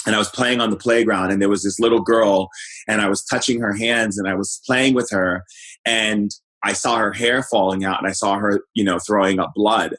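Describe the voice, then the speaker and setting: A middle-aged man and shaman guest, recounting his childhood in a relaxed, searching way with many fillers and restarts. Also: on the low side, normal speed, poor audio. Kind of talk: personal storytelling in an interview.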